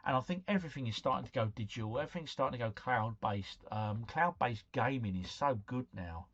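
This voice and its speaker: A man's voice: medium pitch, expressive, fairly quick, a bit bright, highs cut off. A man hosting a casual live stream, chatting to viewers, reading out quiz scores and breaking into bits of song.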